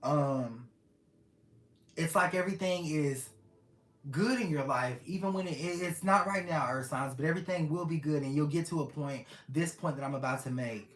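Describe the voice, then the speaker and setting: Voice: medium pitch, a little fast, hardly any pauses, a bit bright. A tarot reader giving a casual reading to camera, earnest and affectionate, often repeating phrases to the listeners. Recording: roomy echo.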